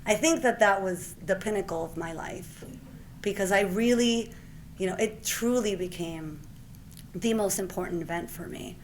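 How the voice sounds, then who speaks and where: A woman's voice: medium pitch, normal speed, a little hiss or hum. A woman in her forties from Puerto Rico, a physician accepting an award, telling a personal story in a speech. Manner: lively storyteller who acts out the exchanges she retells. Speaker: award recipient giving a speech.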